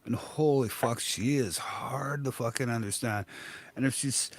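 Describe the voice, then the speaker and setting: A man's voice: medium pitch, a little slow. Swearing, rambling Canadian man. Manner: swears often, laughs, rambling. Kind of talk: casual chat.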